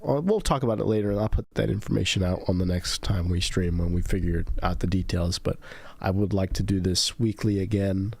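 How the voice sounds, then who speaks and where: A man hosting a casual podcast livestream, telling stories and doing high-pitched voices for the people he quotes. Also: brisk, creaky, darkish tone, slightly rough, no room sound. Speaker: podcast host.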